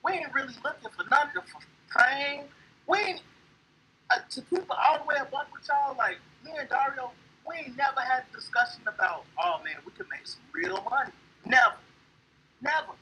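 A man's voice: very high voice, normal speed, bright, forceful tone, low-quality recording. A man from co-hosting a podcast, speaking from the heart in casual slang, emphatic and preachy. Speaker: podcast co-host. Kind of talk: casual chat.

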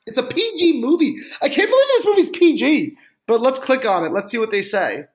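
A man's voice: very high voice, big pitch swings, fairly quick. A man co-hosting a podcast in casual comedic banter, rambling with stammers and frequent laughs. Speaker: podcast co-host.

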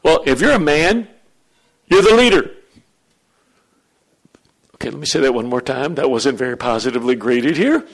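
A man preaching a sermon as pastor, animated and joking with his congregation in a church. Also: medium pitch, normal speed, pauses often, rough recording.

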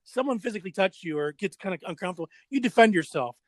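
A man's voice: high voice, quick pace, no echo. A middle-aged man, a drummer and former pro skateboarder, telling stories in a casual interview and acting out voices and sound effects. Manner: animated storyteller, acts out voices and sound effects.

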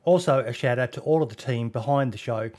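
A man's voice: mid-range voice, fairly quick, a little mellow. An Australian man hosting a casual podcast, talking bluntly with plenty of swearing and ums. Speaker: podcast host.

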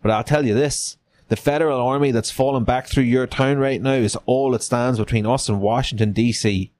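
A calm, persuasive Confederate officer with a soft, slow Southern drawl, as a man puts him on. He coaxes rather than barks. It's a character voice in a gamebook read-aloud. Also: mid-range voice, lightly acted. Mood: confident. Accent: Southern US, put on.

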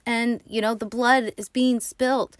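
Brief: female host, casual film recap, lively and profane, dead-dry recording. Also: fairly high pitch, measured pace, no echo. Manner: animated, profane and slangy. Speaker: movie podcast host.

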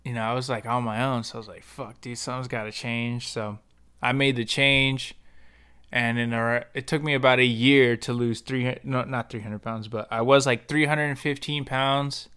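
Rambling through a personal story with plenty of slang, profanity, and restarts, this young podcast host keeps it casual. He speaks at a moderate pace in a mid-range voice that's smooth and sharp, with fairly even intonation.

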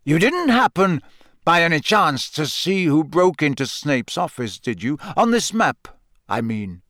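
A man voicing a gruff, grim older male wizard who talks slowly and mutters. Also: fairly high pitch, big pitch swings, fairly bright tone, no echo, clean studio sound. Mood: guarded. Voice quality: gruff, growling. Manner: slow, muttering.

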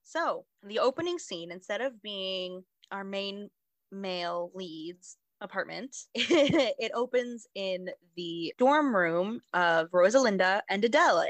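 A young university student telling a story in a chatty way, full of "like". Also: female voice, mid-range voice, animated, takes it slowly, no room sound, poor audio. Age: young adult. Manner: chatty storytelling, acts out lines with fillers like "like". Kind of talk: casual chat.

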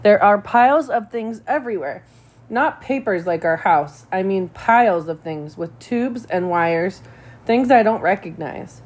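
Woman reader, steady measured audiobook narration of a children's novel. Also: medium pitch. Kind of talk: reading a children's novel aloud.

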